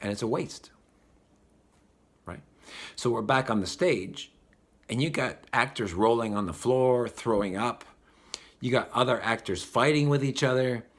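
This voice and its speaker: A man giving a spiritual talk, animated and acting out the voices of the people he describes. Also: mid-range voice, a little slow, pauses often. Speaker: spiritual teacher.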